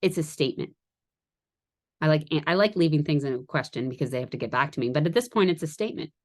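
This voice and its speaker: A woman giving a casual training talk to her sales team, chatty and quick to laugh at her own jokes and wander into asides. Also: sits low, lively intonation.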